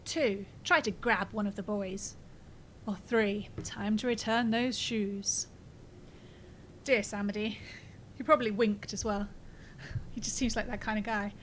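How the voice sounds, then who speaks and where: A woman's voice: mid-range voice, steady tone, moderate pace, a little hiss or hum, poor audio. A woman streaming a game, reading its text aloud and chatting casually, swearing and laughing as she plays. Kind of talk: casual gameplay commentary.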